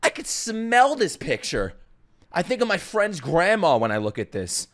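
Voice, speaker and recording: A young man reacting out loud to an anime as a streamer, loud and exclamatory, swearing freely and talking back to the screen. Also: high voice, wildly swooping pitch, normal speed. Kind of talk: excited anime reaction commentary.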